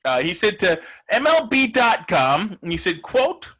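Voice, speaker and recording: Male actor as a brash gambler sports host: husky, high and swooping, ranting and profane. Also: big pitch swings, unhurried, exaggerated voice. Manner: loud, ranting, profane, mocking. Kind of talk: comedic sports rant.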